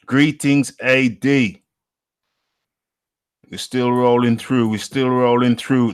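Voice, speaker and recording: A man's voice: mid-range voice, steady tone, slow pace, long pauses, clear, resonant tone. A man from the UK hosting a live show, reading out the chat in a playful, repetitive way and chuckling often. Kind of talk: casual live-stream chat.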